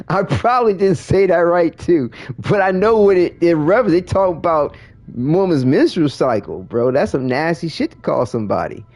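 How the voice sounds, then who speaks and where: A man's voice: a little high, expressive, moderate pace, a little mellow, dry recording. A man streaming a game, chatting casually with viewers in a rambling way, full of restarts and fillers. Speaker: livestreamer. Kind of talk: casual chat while gaming.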